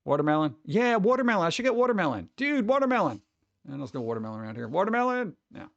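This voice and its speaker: A man's voice: high-pitched, very animated, fast talker, creaky, dry recording, muffled recording. A man chatting casually with his stream viewers, rambling and laid-back, calling everyone "dude.". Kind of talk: casual livestream chat.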